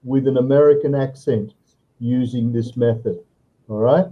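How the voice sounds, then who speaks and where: A man's voice: mid-range voice, steady tone, normal speed, slightly rough, lo-fi sound. A man tutoring a student over a video call, giving step-by-step advice and checking in with "all right" often. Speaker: online English tutor.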